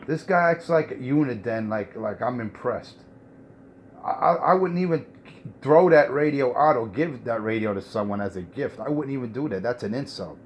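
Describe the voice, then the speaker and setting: A man trash-talks a rival over a CB radio, lecturing him in a mocking, repetitive way. His voice sits at an average pitch, with faint hiss behind it. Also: animated, normal speed. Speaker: CB radio operator. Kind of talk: trash-talking radio banter.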